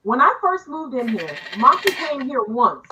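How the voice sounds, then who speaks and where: A woman hosting a casual online panel, telling stories with quick asides and playful teasing over a video call. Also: sits high, sing-song, dull audio, noisy background. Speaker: panel host.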